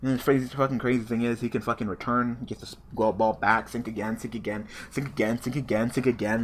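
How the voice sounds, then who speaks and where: A man's voice: mid-range voice, quick pace, few pauses, a little hiss or hum. A man giving casual live commentary on his online card game match, swearing freely and talking at his opponent. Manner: profane, excitable, talks to his opponent.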